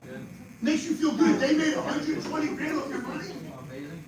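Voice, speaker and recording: An older man with a New Jersey accent gives a live money seminar. He talks fast and animated and quizzes people in the audience. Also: very high voice, crowd noise. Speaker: financial speaker. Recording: echoey far-off room mic with noise.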